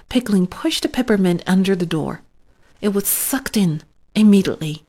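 A woman reading a children's storybook aloud, slowly and expressively. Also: mid-range voice. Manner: slow, expressive read-aloud. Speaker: narrator.

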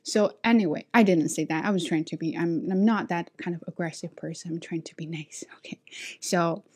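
A woman's voice: brisk, breathy edge. A woman who speaks English as a second language, her first being Chinese, telling stories from her work as an ESL teacher in a frank, self-assured way and acting out quotes with a raised voice. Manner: animated, acts out quotes with high voices. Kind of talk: casual storytelling.

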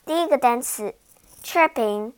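A woman's voice: high voice, animated, a little slow, smooth. A woman giving a short vocabulary lesson, spelling words out letter by letter. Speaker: language teacher.

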